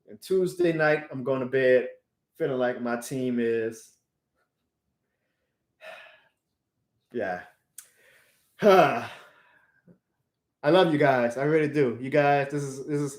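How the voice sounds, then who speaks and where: A young man on a live stream, venting emotionally about his team, swinging from loud outbursts to quiet sighs. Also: a little high, roomy sound. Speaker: sports fan streamer.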